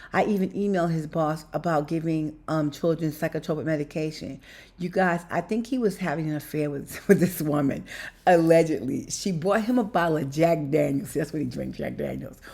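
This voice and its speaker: A woman's voice: low-pitched, warm tone. A woman talking to her viewers in a personal vlog, rambling and emotional, repeating herself and breaking into laughter mid-sentence. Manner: talks straight to viewers as "you guys". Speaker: vlogger.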